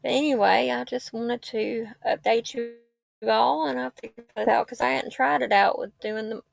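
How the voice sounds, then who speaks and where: A woman's voice: a little high, fairly even intonation, normal speed, creaky. A woman, rambling and heartfelt in a tearful casual livestream chat. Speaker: livestream host. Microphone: laptop or phone mic.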